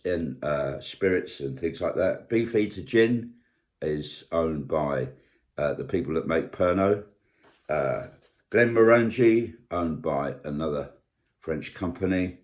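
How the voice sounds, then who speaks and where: A man's voice: deep voice, lively intonation, takes it slowly, a little mellow. An older man, talking in a casual vlog monologue and listing examples with indignant emphasis. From United Kingdom. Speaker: vlogger.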